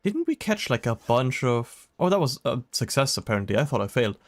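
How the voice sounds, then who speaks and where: A man's voice: mid-range voice, sing-song, fairly quick. A young man casually commenting on a detective game while streaming, chatty and rambling, often laughing, with a slightly sick voice.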